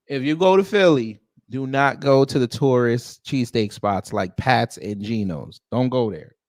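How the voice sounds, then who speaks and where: A man riffs through casual reaction commentary at a middle pitch, blunt and exclaiming. He leans on repeated phrases for emphasis. The sound is dry and close, with no room around it. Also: unhurried, a little mellow, no room sound. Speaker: host commenting on a court hearing.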